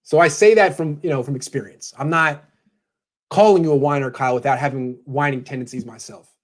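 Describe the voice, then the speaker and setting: Brisk, opinionated male sports host. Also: on the high side. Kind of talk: casual live sports talk.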